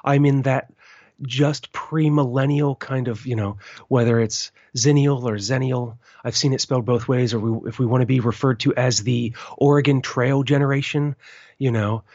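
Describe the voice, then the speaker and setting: A man in his forties speaks in a husky, slightly breathy voice, reflective and earnest as he works through long sentences. The recording is dull and dry, with little treble or room sound. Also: medium pitch, fairly even intonation, moderate pace, a little mellow, dry recording. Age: 40s. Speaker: interview guest. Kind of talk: casual interview chat.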